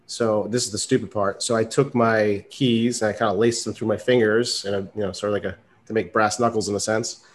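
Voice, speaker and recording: A man's voice: fairly low pitch, steady tone, fairly quick, slight background noise. Easygoing man telling a story. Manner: loose storyteller, laughs often, many fillers. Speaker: podcast co-host. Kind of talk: casual podcast storytelling.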